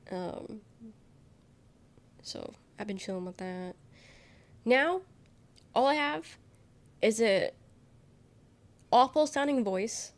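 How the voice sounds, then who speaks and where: A young woman streaming live while sick, her voice coming out nasal and congested. She rambles casually to her viewers, giggles often and swears without a second thought. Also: mid-range voice.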